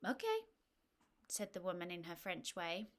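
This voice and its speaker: A woman's voice: lowish voice, moderate pace. Wry woman storyteller. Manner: wry, gently humorous. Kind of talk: scripted narration.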